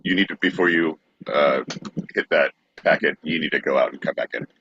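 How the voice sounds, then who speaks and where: Chill husky podcast dude, low voice, muffled dry mic. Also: male voice, pushed and bright, dry recording. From Brooklyn, New York. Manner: laid-back, halting, with many fillers. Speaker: podcast co-host. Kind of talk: casual podcast banter.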